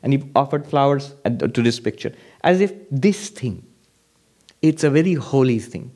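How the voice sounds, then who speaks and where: A man's voice: medium pitch, animated, normal speed, darkish tone. A monk giving a spiritual lecture at a meditation retreat, emphatic and repeating his points with rhetorical questions. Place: retreat hall before an audience.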